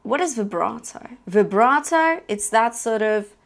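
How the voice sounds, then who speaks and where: A woman's voice: a little high, animated, unhurried, gravelly, faint music behind. A woman giving an online singing lesson. She explains techniques and breaks into short sung demonstrations, often checking in with a questioning "yeah?". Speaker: singing teacher.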